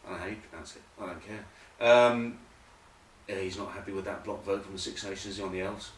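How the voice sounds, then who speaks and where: A man's voice: low-pitched, steady tone, fairly quick, recorded from a distance. Give me a man hosting comic rugby news with rambling asides, in an echoey room away from the mic. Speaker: host.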